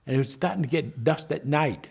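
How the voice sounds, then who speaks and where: A man in his nineties, a war veteran recalling his memories to the camera in a halting way, often repeating and restarting his words. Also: fairly high pitch, creaky, a little mellow, slightly rough. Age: 90s.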